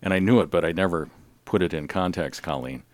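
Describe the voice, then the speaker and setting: A man's voice: deep voice, a little fast, no room sound. A man hosting a casual Catholic radio talk show, folksy and fond of telling jokes.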